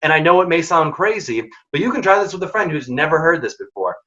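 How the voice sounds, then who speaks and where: A man's voice: on the high side, big pitch swings, quick pace, bright, forceful tone, dull audio. A man leading a workshop on workplace conflict, speaking directly and energetically, sometimes acting out quoted dialogue. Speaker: workshop presenter. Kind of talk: career advice talk.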